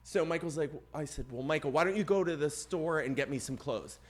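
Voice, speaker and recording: A man's voice: a little high, fairly quick. A man co-hosting a podcast, telling a long personal story in casual chat and acting out the other people in it. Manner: animated, voices other people and gets loud at the climax. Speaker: podcast co-host.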